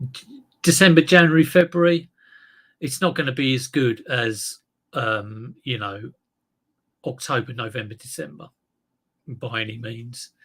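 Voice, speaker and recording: A man's voice: mid-range voice, pushed and bright. A man hosting a casual live stream, chatting to viewers and thinking aloud, with frequent fillers and self-mocking asides. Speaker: eBay reseller livestream host.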